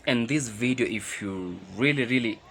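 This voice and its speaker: A man's voice: medium pitch, normal speed, a bit bright, a little hiss or hum. A man hosting his own reaction video channel, addressing viewers directly and enthusiastically. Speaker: channel host.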